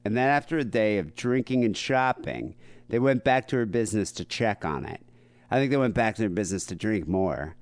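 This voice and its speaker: A man's voice: on the low side, lively intonation, brisk, no room sound. A man co-hosting a podcast, casually retelling a news story with profanity and acted-out quotes. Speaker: podcast co-host. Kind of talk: casual chat.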